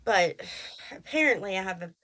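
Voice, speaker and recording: A woman's voice: medium pitch, animated, a bit bright. A woman in her late thirties from Texas with a thick Texan accent, chatting casually and rambling as a podcast host. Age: 30s. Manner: rambling, self-deprecating, quick asides and mock voices. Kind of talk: casual chat.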